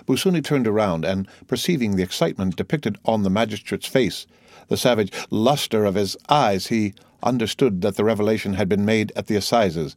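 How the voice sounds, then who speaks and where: Low-voiced man narrating a classic novel. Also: a little mellow, dry recording, clean studio sound. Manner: measured, dramatic reading. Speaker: audiobook narrator.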